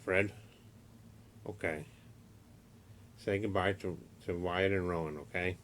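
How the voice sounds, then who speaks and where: A man's voice: low-pitched, fairly even intonation, slow, long pauses, fairly bright tone. A man doing a playful puppet skit for his young nephews, acting as the patient, mock-stern straight man to his puppet.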